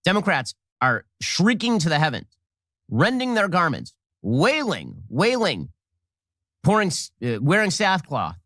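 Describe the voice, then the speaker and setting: A man's voice: on the high side, wildly swooping pitch, a little slow, sharp tone, no room sound, studio quality. A man delivering political commentary, emphatic and sardonic.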